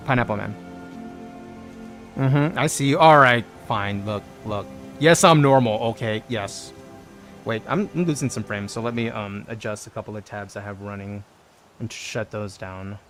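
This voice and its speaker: A man's voice: on the low side, a bit bright. A man live-streaming a video game, chatting casually with viewers in a playful, joking way full of tangents. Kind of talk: casual live-stream chat while gaming.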